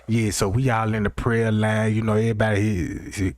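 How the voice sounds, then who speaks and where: A man's voice: fairly low pitch, fast, a little mellow, slight background noise. A man hosting a livestream, rambling through a profane comic rant and constantly checking in with his listeners. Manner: rambling, keeps asking "you know what I'm talking about". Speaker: livestream host.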